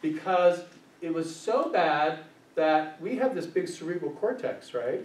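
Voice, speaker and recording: Lecturing a small group at a workshop, a social worker engages them with questions and acts out the voices he quotes. He speaks at a measured pace with a fairly high pitch and lively intonation, and the distant recording sounds echoey, with faint hiss.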